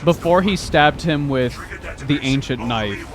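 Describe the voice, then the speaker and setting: A man streaming a video game and chatting as he plays, rambling from thought to thought and swearing freely. His voice sits a bit high and moves in a lively way. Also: a little slow, music in the background. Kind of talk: casual gaming stream commentary.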